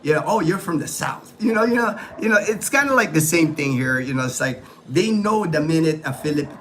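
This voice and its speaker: A man's voice: a little high, animated, brisk, fairly bright tone, a little hiss or hum. A man from the Philippines hosting a casual livestream, chatting and answering viewer comments in a rambling way full of fillers. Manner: rambling, many fillers and restarts. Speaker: livestream host.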